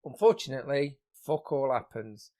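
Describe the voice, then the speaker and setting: A man's voice: mid-range voice, lively intonation, normal speed, mellow. A man co-hosting a podcast in casual chat, bluntly tearing into a film with lots of swearing. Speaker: podcast co-host.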